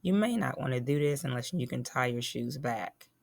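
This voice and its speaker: A woman's voice: rumbling low, lively intonation, moderate pace, vocal fry, darkish tone. A woman teacher giving a phonics lesson to young children, patiently spelling and sounding out words.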